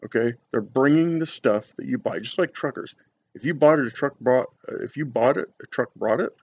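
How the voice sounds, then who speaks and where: A man chats casually on his cigar-review vlog, drifting into folksy stories with lots of fillers. His voice is gravelly and somewhat husky. The recording sounds a little dull and lo-fi. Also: medium pitch, a little fast, a little mellow. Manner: rambling, folksy storytelling with many fillers.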